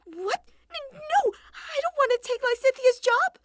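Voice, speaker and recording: A woman doing a shrill, stammering anxious girl. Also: moderate pace, pushed and bright, no room sound, studio quality, heavily acted. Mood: panicky. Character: anxious young woman, stammering, easily panicked.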